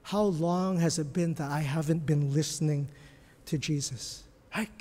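A man preaching a sermon as pastor, dropping to hushed whispers and then rising to loud, emphatic bursts. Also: fairly high pitch, measured pace. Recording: long reverb of a large hall.

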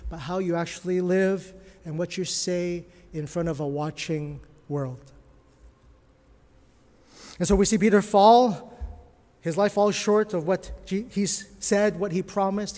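A man preaching a sermon as pastor, dropping to hushed whispers and then rising to loud, emphatic bursts. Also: high-pitched. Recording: long reverb of a large hall.

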